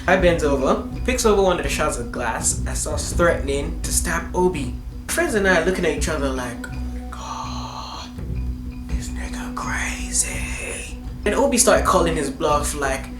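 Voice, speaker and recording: A man's voice: on the high side, fairly quick. A man from Nigeria tells a school story for his vlog in loose, slang-heavy talk. His voice sounds roomy, and music plays behind it throughout. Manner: casual, animated, lots of slang and fillers. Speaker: vlogger.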